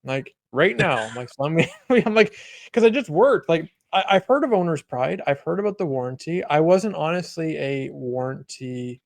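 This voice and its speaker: A man's voice: on the high side, expressive, moderate pace, creaky, no room sound. A man on a podcast, casually telling a long story full of quoted back-and-forth and filler words. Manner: rambling, lots of "like" and quoted dialogue. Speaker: podcast host, detailer.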